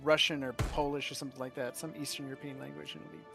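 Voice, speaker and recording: A man's voice: medium pitch, flat delivery, rapid-fire, gravelly, over music. A man chatting casually as a player in a tabletop game, rambling and self-deprecating. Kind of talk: casual chat.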